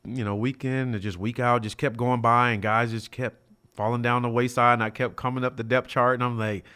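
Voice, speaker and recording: A man in his fifties from California recounts his playing days as an interview guest in a mid-pitched voice. He talks in a lively way, lifting his pitch and volume sharply whenever he acts out someone else's words. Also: fairly quick, clean tone. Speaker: guest, former pro football player. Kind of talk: storytelling in an interview.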